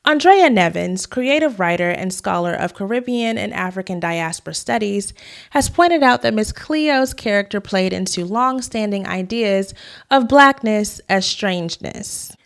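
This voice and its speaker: A woman's voice: medium pitch, lively intonation, a little slow, creaky. Chatty young woman hosting a commentary vlog. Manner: conversational, analytical, casual asides. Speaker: host.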